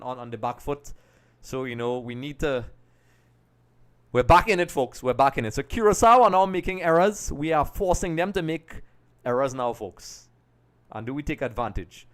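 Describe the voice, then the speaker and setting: A young man hosting a live football watch-along, chatting to viewers and calling the match with excited bursts at chances. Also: medium pitch, clean tone. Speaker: watch-along streamer and commentator.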